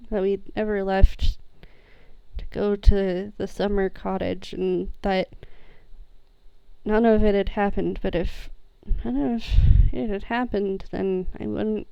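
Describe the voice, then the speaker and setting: A woman playing a troubled young person in a tabletop role-play, speaking haltingly with many restarts. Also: mid-range voice, steady tone, vocal fry, warm tone, clear, resonant tone, no echo. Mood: wistful. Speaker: player. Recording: muffled lo-fi mic.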